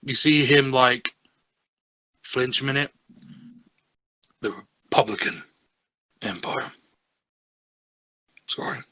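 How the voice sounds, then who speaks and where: A man's voice: mid-range voice, slow pace, long pauses, bright, forceful tone, no room sound, voice pushed up. A man voicing a blunt, calculating crew member in a tabletop game, matter-of-fact and unapologetic.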